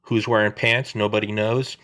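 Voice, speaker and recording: A man's voice: on the low side, moderate pace. A man in his thirties hosting a podcast, chatting casually over a video call on his own microphone, rambling and swearing as he tells stories. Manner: rambling, profane, animated storytelling. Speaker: podcast host. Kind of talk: casual chat.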